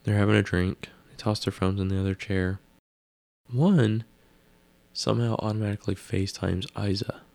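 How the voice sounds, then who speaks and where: A man recaps a TV episode in a loose, rambling way, dropping wry asides and musing out loud. His voice sits very low and carries a gravelly fry. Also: little pitch movement, moderate pace. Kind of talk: casual spoken episode recap.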